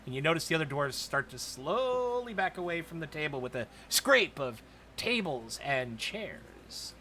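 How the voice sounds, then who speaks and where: A man narrating a tabletop role-playing game as dungeon master, in a casual, halting way. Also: on the high side, big pitch swings, sharp tone, a little hiss or hum. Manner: casual, hesitant with fillers.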